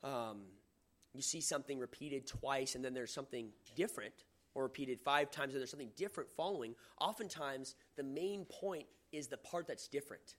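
A man's voice: mid-range voice, moderate pace. A man preaching a sermon, reading scripture aloud with dramatic emphasis and asking the listeners questions in a conversational way.

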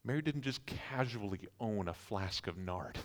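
A man's voice: lowish voice, animated, normal speed. A man preaching a sermon, telling vivid stories and acting out incredulous reactions. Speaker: pastor.

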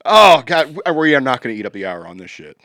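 A man's voice: a little high, big pitch swings, fast, fairly bright tone, no room sound, clean studio sound. A man co-hosting a podcast in casual banter, rambling and joking, often trailing off and restarting. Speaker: podcast co-host.

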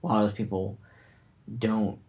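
A man's voice: fairly low pitch, little pitch movement, moderate pace, a little mellow. A man in casual conversation about martial arts training, earnest and reflective, often restarting his sentences as he thinks. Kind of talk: casual chat.

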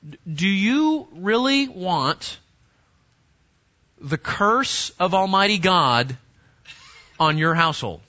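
A man preaching to young people in an emphatic way, often repeating words and restarting his phrases. His voice sits high and sounds bright and forceful. The recording is dull and lo-fi. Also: very animated, slow pace, long pauses. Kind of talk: sermon to teenagers.

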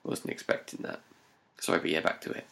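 A man's voice: brisk, fairly bright tone. A man in casual chat about films, laid-back and chuckling as he talks.

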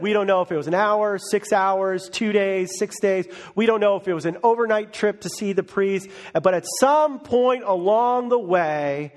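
Guy pastor, high-ish voice, animated sermon, acts out little bits. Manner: lively storytelling with voiced bits.

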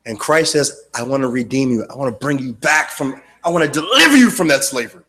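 A man preaching a sermon with passion, shouting hard and then dropping to a low, quiet voice. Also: expressive, quick pace. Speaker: pastor.

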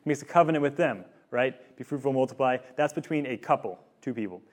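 A campus ministry speaker in his thirties gives a casual teaching talk to a student group in a room, his mid-range voice expressive and slightly quick. He rambles through a family story packed with fillers and frequent "like"s.

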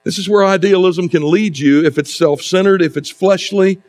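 A male pastor giving a sermon in a conversational preaching style, with rhetorical asides and dramatic pauses. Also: high voice, darkish tone.

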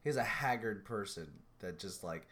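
A man co-hosting a podcast in casual chat, relaxed and often pausing to hunt for words. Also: fairly low pitch. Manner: relaxed, halting, searching for words. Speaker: podcast co-host.

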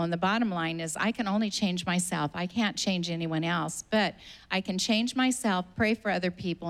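A woman pastor preaching a sermon, stressing her points by repeating them. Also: lowish voice. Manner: emphatic, repeats exhortations.

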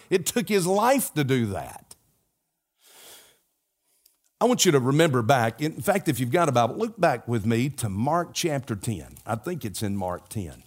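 An older man preaching a sermon to his congregation, with an earnest, repetitive cadence and folksy asides. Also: fairly high pitch. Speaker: pastor.

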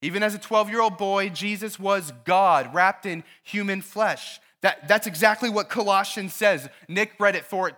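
A man, a pastor, preaching a sermon in a church and telling a story to his congregation, with lively questions to his listeners. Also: high voice, normal speed, few pauses, faint music behind.

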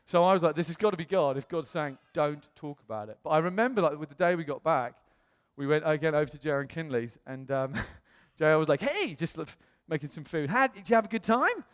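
A man, a pastor, telling a personal story in a sermon in a chatty, animated way. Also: fairly high pitch, quick pace, few pauses, clean tone, big-room sound. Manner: chatty storytelling, animated voices when quoting others.

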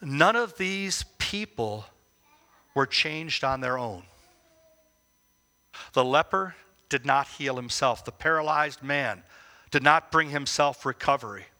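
A man giving devotional Bible teaching, emphatic, with rhetorical questions and slow, stressed phrases. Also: medium pitch, lively intonation, bright, forceful tone. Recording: long reverb as in a hall.

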